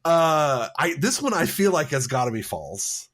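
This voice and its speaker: A man in casual podcast conversation, playful and rambling, full of fillers and restarts. His pitch is lively, rising and falling often as he talks. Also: a little slow. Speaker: podcast co-host. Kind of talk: casual chat.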